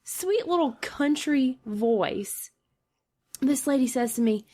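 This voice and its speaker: A woman co-hosting a casual podcast, telling a story with a scratchy throat, animated and easily exasperated. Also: high-pitched, slow. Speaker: podcast co-host.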